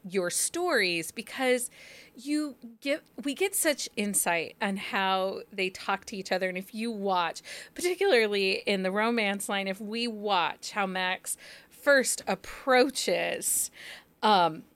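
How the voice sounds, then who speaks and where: A woman in her forties hosting a podcast interview, chatty and quick to laugh at herself. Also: medium pitch, animated, a bit bright. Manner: chatty, laughs often, self-deprecating. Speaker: podcast host.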